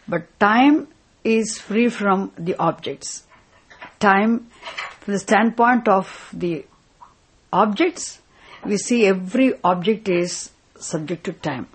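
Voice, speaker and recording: A woman teaches a spiritual class. Her voice is husky and sits at a middle pitch. She asks her students questions and restates each point more than once. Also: expressive, takes it slowly, pauses often, rough recording. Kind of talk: Vedanta scripture class.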